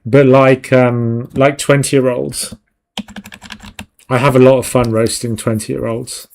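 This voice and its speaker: Gravelly, slow-talking man. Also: mid-range voice, level tone, darkish tone, slight background noise. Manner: joking, chatting to viewers, laughing often. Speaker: 3D art stream host. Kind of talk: casual live-stream chat while working.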